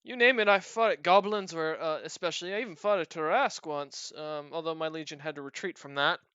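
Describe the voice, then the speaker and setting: Guy doing a dense young dwarf knight, polite and kinda oblivious, clean clear voice, muffled dry sound. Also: on the high side, a little fast, sharp tone, no room sound. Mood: earnest.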